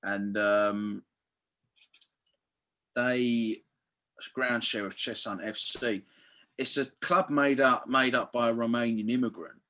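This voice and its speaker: A man, chatting casually on a podcast and telling animated football stories, swearing freely and acting out what people said. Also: mid-range voice, slow, pauses often. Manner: animated storyteller, swears freely, acts out quotes. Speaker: football fan guest.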